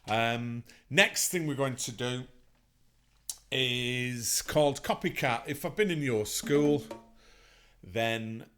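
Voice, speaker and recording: Upbeat music teacher. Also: male voice, mid-range voice, slow, fairly bright tone. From England. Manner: upbeat, encouraging, counts children in. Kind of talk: online music lesson for children.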